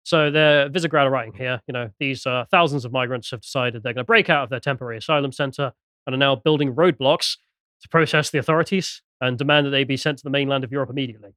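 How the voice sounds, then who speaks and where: A man co-hosting a political podcast, presenting a news item in a quick, sardonic way and reading out posts with asides. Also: mid-range voice, fairly bright tone, no room sound, studio quality. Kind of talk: casual political podcast chat.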